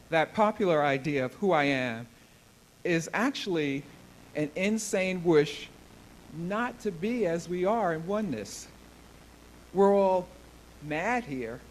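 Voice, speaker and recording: A man reading a spiritual book excerpt aloud to a congregation. He reads very slowly and earnestly, his voice sitting a little high for a man, with a faint hum of room ambience behind him. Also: low-quality recording. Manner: slow, earnest, deliberate reading. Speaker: guest reader at a spiritual service.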